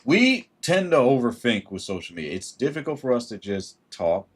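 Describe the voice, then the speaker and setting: A man's voice: medium pitch, moderate pace, husky. A man hosting a casual livestream, talking animatedly, acting out thoughts in different voices and greeting viewers as he goes. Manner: animated, acts out quoted thoughts in shifting voices; greets viewers mid-sentence. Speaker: livestream host.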